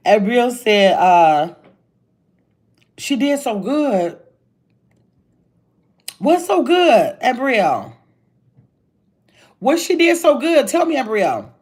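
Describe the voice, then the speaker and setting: An older woman, chatting casually on a livestream from a hotel room, reading viewer comments and calling them y'all. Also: sits high. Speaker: livestream host.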